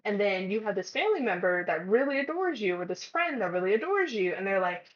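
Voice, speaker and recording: A woman's voice: medium pitch, sing-song, fast talker. Chatty woman vlogging, slightly muffled. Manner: chatty, acts out conversations. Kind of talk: casual advice vlog.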